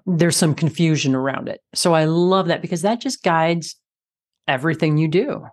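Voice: medium pitch, normal speed, dry recording, clean studio sound. A podcast host who responds to the guest with brief, affirming reactions and asks questions. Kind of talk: podcast interview.

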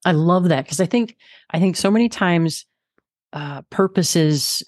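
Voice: mid-range voice, a little slow, no room sound, clean studio sound. A podcast host who responds to the guest with brief, affirming reactions and asks questions. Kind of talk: podcast interview.

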